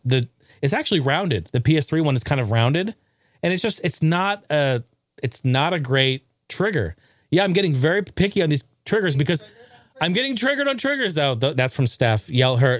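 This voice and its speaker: A man's voice: fairly high pitch, dry recording, studio quality. A man hosting a gaming show, ranting casually with profanity and jokes. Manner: profane, excitable, jokey.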